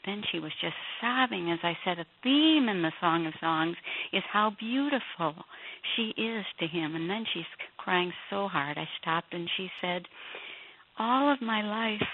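A woman author and Bible teacher, a guest on a radio interview, telling stories with animated quoted voices. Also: fairly low pitch, normal speed. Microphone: phone line. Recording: tinny phone line.

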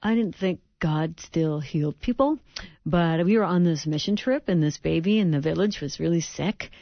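A woman voicing a shy, slouchy teenage boy who gives a short offhand testimony, with a gravelly edge. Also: sits low, normal speed, dry recording, dull audio. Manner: offhand, mumbling shrug of a delivery.

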